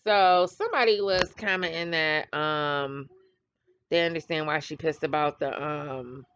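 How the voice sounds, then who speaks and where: Here a middle-aged commentary host speaks in a deep, slightly bright, clean-toned voice at a measured pace. She trash-talks bluntly through casual gossip, laughing often, over a dull, dry, lo-fi recording.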